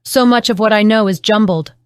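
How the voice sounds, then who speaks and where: A woman's voice: mid-range voice, fairly quick, a little mellow, smooth, no echo, studio quality, pitched above the performer's own voice, close to an everyday voice. A woman reading the part of a troubled young woman who questions her captor in an audiobook, in a searching, pleading way. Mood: questioning.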